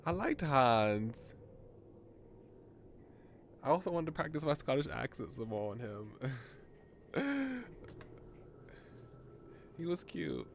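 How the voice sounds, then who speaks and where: A man's voice: mid-range voice, big pitch swings, slow pace, creaky, long pauses, slight background noise. A male streamer chatting casually and joking as he plays through a mystery game. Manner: joking, chatty, thinking aloud. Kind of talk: casual gameplay commentary. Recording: game music behind.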